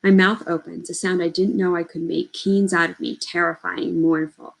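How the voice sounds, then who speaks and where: Woman reading a novel aloud, steady. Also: fairly low pitch, moderate pace, creaky, poor audio. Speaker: audiobook reader.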